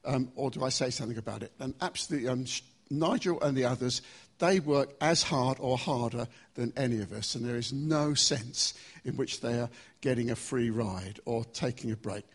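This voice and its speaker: A man preaching a sermon in a church, emphatic, slowing down to stress key phrases. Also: medium pitch, slightly rough. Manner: emphatic, varied pace with slow stressed phrases.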